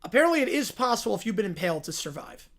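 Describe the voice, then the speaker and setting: A man talks over a video on his livestream, tossing out bemused asides as it plays. His pitch swings widely. His tone is bright. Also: very animated, very fast. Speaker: livestream host. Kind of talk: live reaction commentary.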